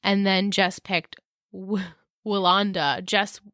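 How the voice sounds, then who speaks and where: A woman's voice: medium pitch, level tone, slow pace, a bit bright, dry recording, clean studio sound. Giggly chatty woman podcast co-host. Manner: giggly, chatty, laughs often. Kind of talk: casual chat.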